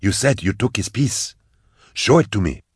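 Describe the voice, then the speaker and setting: A man's voice: fairly low pitch, lively intonation, moderate pace, breathy edge, dry recording, studio quality. Man voicing a curt, commanding schemer. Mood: grim. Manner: curt, forceful orders. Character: hard, commanding male schemer.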